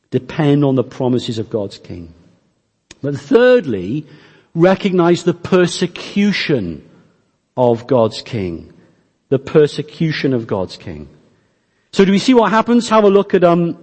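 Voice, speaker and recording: A man preaching a sermon, earnest and emphatic, speaking directly to his congregation with slow, stressed phrases. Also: a little high, a little mellow, in a large hall.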